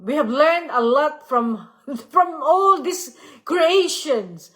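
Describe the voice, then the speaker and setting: A woman teaches a devotional study in a fairly high voice. She talks slowly, restarts her sentences and repeats each point gently. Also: expressive. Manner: halting, searching for words with many pauses and restarts. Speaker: Bible study leader.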